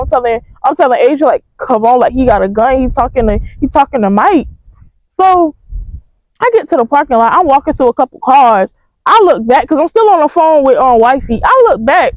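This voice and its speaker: A young woman telling a storytime in a casual, profane, animated way. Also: high-pitched, a little fast, low-quality recording. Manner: animated, profane, emphatic retelling.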